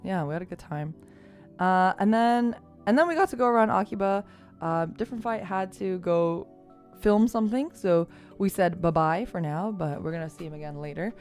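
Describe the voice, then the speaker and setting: A woman streamer telling a story in casual chat, animated and laughing often, with lots of "like" and fillers. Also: on the low side, normal speed, faint music behind.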